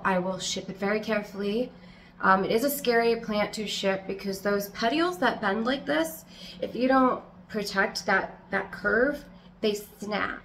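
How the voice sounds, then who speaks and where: A woman with a bright, forceful voice talks loudly, close to yelling, as she rambles through a casual home vlog about her plants. She jumps from thought to thought and cuts herself off often. A faint hiss sits under her voice. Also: mid-range voice. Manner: rambling, fast, self-interrupting, chatty; loud, almost yelling. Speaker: plant vlogger. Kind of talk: casual chat.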